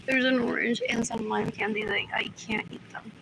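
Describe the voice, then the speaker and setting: A higher-pitched woman rambling through a live stream from her apartment. She repeats the same short question over and over in a low mutter and drifts between English and Spanish. The recording has a steady background hiss. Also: normal speed, vocal fry. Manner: switches between English and Spanish mid-sentence. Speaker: livestreamer. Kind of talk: rambling livestream monologue.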